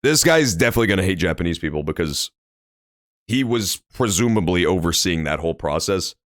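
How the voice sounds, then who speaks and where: A young man streams a story game from his home desk mic, joking crudely and cursing as he plays. His voice is low but swings widely in pitch. The sound is dry and close. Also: animated, fairly quick, no echo. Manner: crude, profane, jokey. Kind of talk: casual gameplay commentary.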